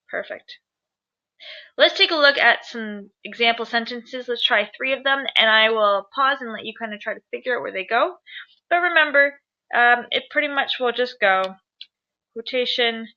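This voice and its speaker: A woman teaches a grammar lesson in a bright, fairly high voice, chatty and upbeat, putting questions to the viewer. The recording sounds dull and lo-fi. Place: at home.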